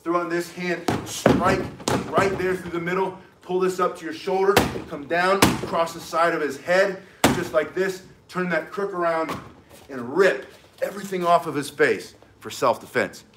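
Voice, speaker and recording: Fired-up self defense teacher guy, bit higher voice, walks you through moves. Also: normal speed, very noisy. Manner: intense, emphatic, talks while demonstrating moves. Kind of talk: demonstration lesson.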